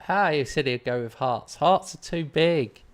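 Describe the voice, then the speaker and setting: A man's voice: a little high, unhurried. A man hosting a gaming live stream, chatting casually and rambling in a self-mocking way while answering viewers.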